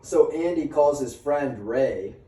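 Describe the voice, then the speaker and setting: A man's voice: medium pitch, lively intonation, takes it slowly, warm tone. A man casually telling a story among friends, swearing freely and acting out what people said. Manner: swears freely and acts out quoted dialogue. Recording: roomy sound from a distant mic, faint ambience.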